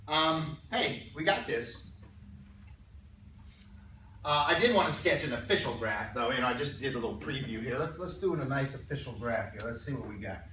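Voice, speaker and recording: A man teaching a calculus class, chatty and stumbling over repeated words, clearing his throat now and then. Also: medium pitch, expressive, normal speed, sharp tone, slight background noise. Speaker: math teacher. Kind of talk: classroom lecture. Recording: echoey room, mic far off.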